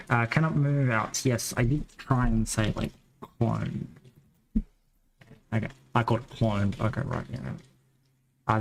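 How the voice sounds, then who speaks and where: Aussie guy from the west coast chatting while he codes, bit gravelly, talks to himself a lot. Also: mid-range voice, noisy background. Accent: Western Australian. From Western Australia. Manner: rambling, thinking aloud while coding. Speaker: game developer streamer. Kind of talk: live coding stream chat.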